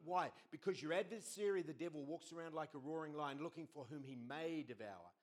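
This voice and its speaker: A middle-aged man preaching a sermon as pastor, telling stories with lively quoted voices. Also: fairly high pitch, fairly quick, hardly any pauses. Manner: animated storytelling with quoted voices.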